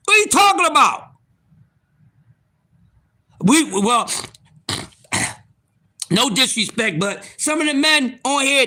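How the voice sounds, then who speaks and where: A man in his fifties hosts a live stream and rants at his viewers, loud, profane and incredulous. His voice sits very high and sounds sharp and bright, and it swings widely in pitch. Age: 50s. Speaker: livestream host.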